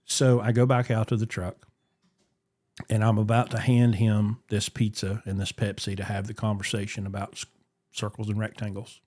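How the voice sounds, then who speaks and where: Animated man telling a story. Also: fairly low pitch, normal speed. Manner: animated, acts out quoted voices. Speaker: podcast host. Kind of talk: casual storytelling.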